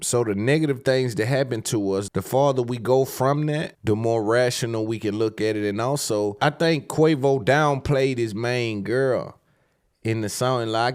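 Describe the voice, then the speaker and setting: A man's voice: mid-range voice, a little slow, darkish tone, no room sound, studio quality. A man hosting a podcast in casual solo commentary, laid-back and slangy, rambling with repeated fillers. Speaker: podcast host.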